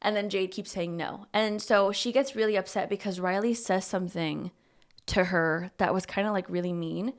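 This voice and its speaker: A woman's voice: medium pitch, normal speed. Young woman animatedly retelling a movie. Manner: animated storytelling, acting out lines, swears casually. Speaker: podcast co-host. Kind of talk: casual chat retelling a movie plot.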